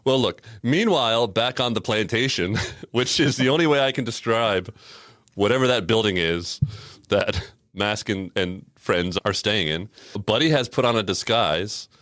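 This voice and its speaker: A man's voice: lowish voice, moderate pace, a bit bright, dry recording, clean studio sound. A man co-hosting a podcast in casual chat, reviewing a cartoon episode with a wry, sarcastic manner. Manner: wry and sarcastic, laughs often. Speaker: podcast co-host.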